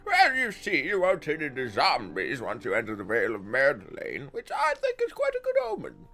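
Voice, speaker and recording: A man's voice: wildly swooping pitch, moderate pace, sharp tone, exaggerated voice. A man voicing a chatty, eccentric old male sage who lectures in a lifted, theatrical voice. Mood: lecturing. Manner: lecturing, high-pitched and theatrical. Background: faint game music.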